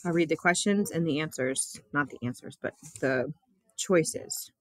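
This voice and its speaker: Teacher, female, lowish voice, recorded close and dry; chatty, relaxed test read-through for her class. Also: a little slow, dry recording. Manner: casual, chatty, with small laughs. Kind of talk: reading a test aloud to students.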